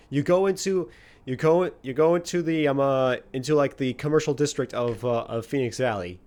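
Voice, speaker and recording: A man's voice: medium pitch, normal speed. A young man narrating as game master, rambling with many fillers and restarts.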